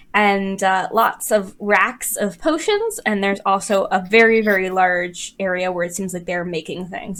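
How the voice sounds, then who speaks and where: A woman narrating a tabletop game as game master, in a soft, gentle way with frequent fillers. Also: medium pitch.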